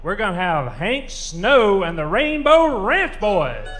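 A man doing a booming country stage announcer. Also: big pitch swings, takes it slowly, music in the background, heavily acted. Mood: rousing. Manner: hyped, crowd-rousing announcer delivery. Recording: live hall with long reverb.

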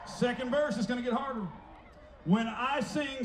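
A man fronting a band on an outdoor festival stage, talking to the crowd between songs like a showman, loud and playful. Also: high-pitched, big pitch swings, a little fast, over music. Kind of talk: stage banter at a live concert. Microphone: stage microphone through a PA. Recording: echoey live festival PA sound.

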